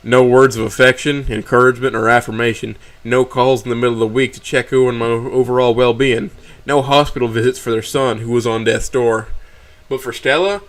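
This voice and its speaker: A man's voice: mid-range voice, fairly bright tone. A man reading a story aloud on a stream, stumbling and correcting himself as he reads.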